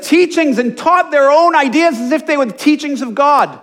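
A man with a strikingly high voice delivers a sermon. He moves between quiet, muttered asides and fervent, almost shouted emphasis. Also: normal speed, few pauses. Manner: passionate, swings from hushed asides to emphatic near-shouting. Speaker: pastor.

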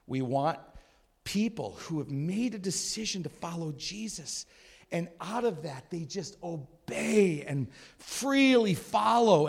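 A man preaching a sermon as a church pastor, animated, acting out voices and shouting at times. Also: high voice, slow pace, creaky, slightly rough.

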